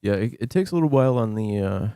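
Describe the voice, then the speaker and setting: A man's voice: on the low side, animated, fast, gravelly, mellow, clean tone, no room sound, studio quality. A man hosting a live stream, chatting casually and joking with his viewers. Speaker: scambait livestream host.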